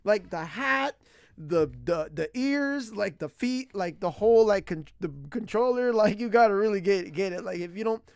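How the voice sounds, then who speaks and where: Male streamer, slightly high creaky voice, rambling slangy delivery with frequent laughs. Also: lively intonation, normal speed, no room sound, clean studio sound. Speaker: streamer learning Japanese. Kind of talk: casual stream chat.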